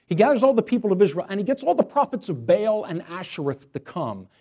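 A male pastor preaching a sermon to his church, telling a story in an animated, storytelling way. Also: sits high, fast.

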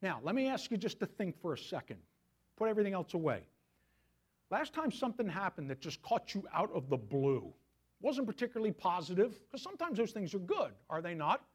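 A man's voice: high voice, very animated, brisk, breathy edge. A male pastor preaching a sermon in a conversational way, often asking his listeners questions.

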